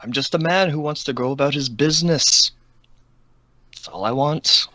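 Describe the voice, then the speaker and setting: A man's voice: fairly high pitch, moderate pace, sharp tone, no room sound. A man voicing a stone-bodied adventurer who puts on an accent and talks in a wheedling, diplomatic way. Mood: reasonable.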